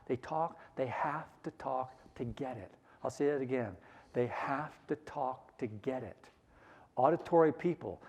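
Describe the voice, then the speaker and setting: A middle-aged man leading a sales seminar, energetic and coaxing the audience to repeat phrases after him. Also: on the high side. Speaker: sales trainer. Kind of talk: conference seminar talk.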